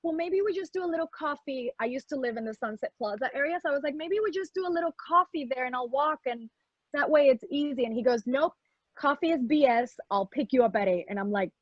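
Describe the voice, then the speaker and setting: A young adult woman telling a personal story in an animated way, acting out the other people's lines and mixing in Spanish words. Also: sits high, fast, no room sound, highs cut off. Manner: lively, acts out quoted voices, mixes in Spanish words.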